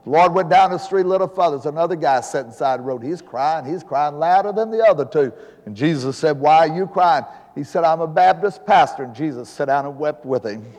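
A man's voice: fairly high pitch, lively intonation, brisk, darkish tone. A man in his seventies, an evangelist preaching a sermon in a church, telling folksy jokes before building to fervent preaching. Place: church sanctuary. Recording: long hall reverb.

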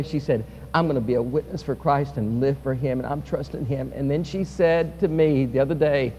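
A male pastor preaching a sermon, swinging from loud, impassioned peaks to quiet, soft passages. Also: on the high side, lo-fi sound. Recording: reverberant hall with faint hum.

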